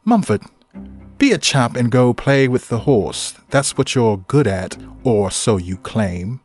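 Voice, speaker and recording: A man voicing a pompous, scheming king in a high, plummy voice. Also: measured pace, darkish tone, soft background music, lightly acted.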